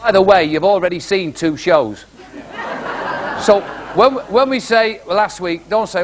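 A man joking loudly with a TV studio audience. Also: high-pitched, a little slow, background noise. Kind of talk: casual chat with a studio audience.

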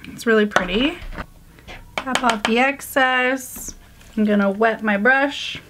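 A woman's voice: on the high side, takes it slowly, fairly bright tone, slight background noise. A woman vlogger chatting casually through a makeup tutorial, joking about her own mistakes. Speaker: beauty vlogger.

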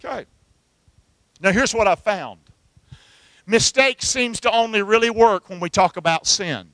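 A middle-aged man preaches, his voice high-pitched and ringing bright. He works the room with call-and-response, pressing the congregation for answers. The sound is close and dry, with almost no room echo. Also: a little slow. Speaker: pastor. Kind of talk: sermon.

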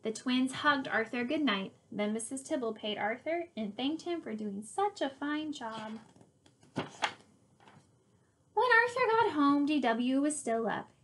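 A woman teacher reading a picture book aloud to her class, explaining things clearly and patiently. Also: sits high, animated, measured pace, fairly bright tone, a little hiss or hum.

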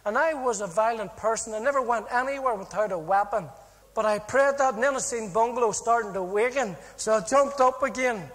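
High-voiced Northern Irish man telling a testimony. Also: fairly quick. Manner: animated, humorous storytelling with acted-out dialogue. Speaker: speaker giving a personal testimony. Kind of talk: storytelling testimony. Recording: long hall reverb.

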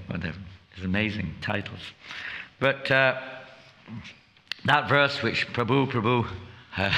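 A man's voice: low-pitched, creaky, bright, forceful tone. A man giving a scripture class at a temple, chatty and joking, who keeps asking his audience questions.

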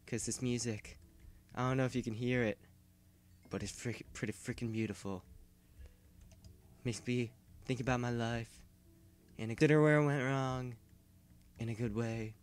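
A man giving casual, rambling gameplay commentary who yells and panics when startled. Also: mid-range voice, fairly even intonation, normal speed, long pauses. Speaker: gaming video host.

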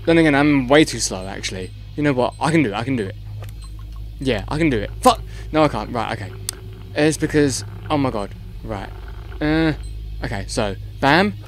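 A man's voice: mid-range voice, lively intonation, normal speed. A man hosting a gaming channel, giving let's play commentary in a frantic, swearing way and muttering to himself as he plays.

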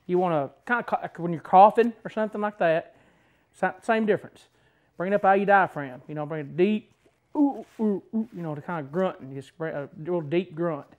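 Fast-talking man, folksy. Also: high-pitched, a little mellow. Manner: folksy, rambling. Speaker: duck caller. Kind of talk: storytelling and advice.

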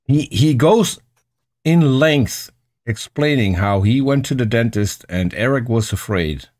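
A man's voice: mid-range voice, expressive, unhurried, a little mellow. A man hosting a casual online panel discussion, earnest and searching for words as he goes, often restarting his sentences. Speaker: host.

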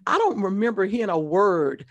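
A woman's voice: medium pitch, very animated, moderate pace, lo-fi sound. A woman in her fifties hosting an interview, talking in an emphatic, personal way and often checking in with "right?". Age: 50s. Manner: emphatic and personal, repeats "really and truly" and "right?". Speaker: host. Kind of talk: casual interview chat.

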